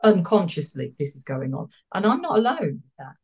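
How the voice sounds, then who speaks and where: A woman's voice: fairly low pitch, sing-song, brisk, a little mellow, breathy edge. A woman therapist, speaking as a guest in a podcast interview, explaining earnestly and repeating words for emphasis.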